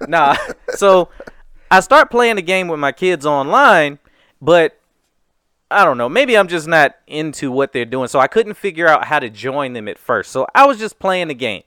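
A man telling a story in casual chat on a podcast. He is animated and profane, and he acts out the other people's voices. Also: a little high, normal speed, clear, resonant tone, no room sound, studio quality.

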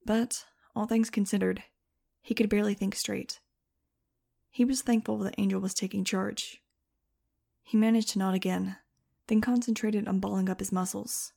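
A woman narrating an audiobook, reading lively scripted prose. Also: medium pitch, moderate pace, gravelly, long pauses. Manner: lively, shifting into excited first-person telling.

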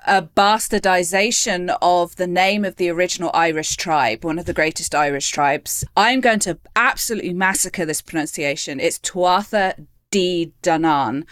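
A woman co-hosting a casual review chat, lively and laughing often. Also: fairly low pitch, moderate pace, few pauses, no room sound. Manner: lively, laughs often, restarts mid-sentence. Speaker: podcast co-host.

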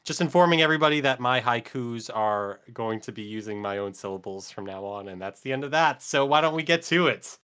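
A man co-hosting a podcast, making mock-formal announcements in a deadpan manner during casual chat. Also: mid-range voice, brisk, hardly any pauses, smooth. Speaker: podcast co-host.

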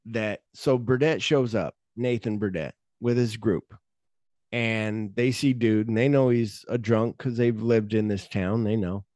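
A man talking through favorite movie moments on a podcast in a casual, excitable way. His voice sits a little low, and the close mic keeps it dry. His retellings are animated and full of quick asides. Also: no room sound. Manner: animated retelling, jumps into high-pitched quoted voices. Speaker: podcast co-host.

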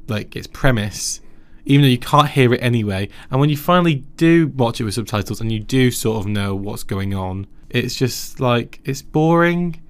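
A man in casual film chat on a podcast, teasing and quick to laugh. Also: medium pitch, lively intonation, clean tone.

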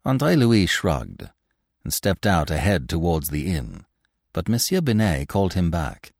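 A man reading a classic adventure novel aloud with measured, theatrical storytelling. His voice is low, and he lets it rise and fall widely through each sentence. The sound is close and dry, without room echo. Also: big pitch swings. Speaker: narrator. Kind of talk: scripted narration of a classic novel.

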